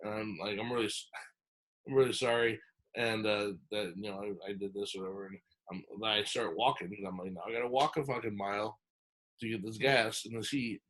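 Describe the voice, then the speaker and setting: Podcast guy rambling through a story, acts out what everyone said, lots of um and like. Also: mid-range voice. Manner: animated retelling, acts out quoted lines; rambling with many fillers and restarts. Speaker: podcast host telling a story. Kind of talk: casual storytelling.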